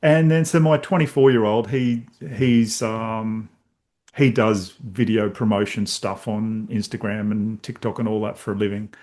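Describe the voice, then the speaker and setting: A man's voice: lowish voice, fairly even intonation, measured pace, darkish tone. A middle-aged man, a podcast host telling stories in casual conversation and acting out his own reactions.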